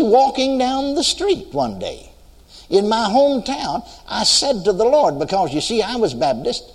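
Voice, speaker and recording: An older man from the United States preaching a sermon, telling a story and asking the congregation if they are listening. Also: sits high. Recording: long hall reverb.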